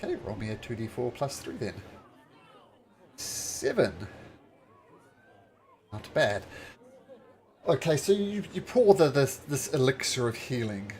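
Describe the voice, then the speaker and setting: A man narrating a tabletop game as game master, halting often and filling gaps with "uh". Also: medium pitch, big pitch swings, slight background noise. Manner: halting, full of fillers.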